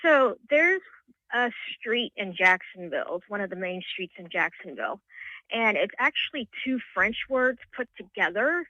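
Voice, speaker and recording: A woman's voice: mid-range voice, sing-song, moderate pace, no echo. A woman calling in to a radio show, explaining in a matter-of-fact way. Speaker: caller. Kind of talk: call-in radio talk. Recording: call-in phone line.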